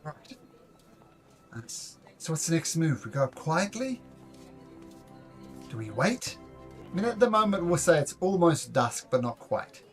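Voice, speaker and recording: A man's voice: a little high, very animated, measured pace, long pauses, soft background music. A man narrating a tabletop game as game master, in a loose, jokey way.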